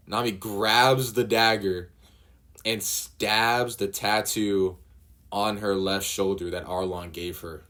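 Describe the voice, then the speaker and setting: A male streamer reading a comic aloud on a livestream, in a halting way with emotional asides. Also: sits low, fairly even intonation, pushed and bright.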